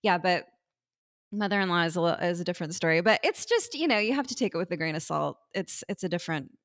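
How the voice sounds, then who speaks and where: A woman hosting a podcast in casual conversation, easygoing and quick to laugh. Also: lowish voice, expressive, a bit bright. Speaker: podcast host. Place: California.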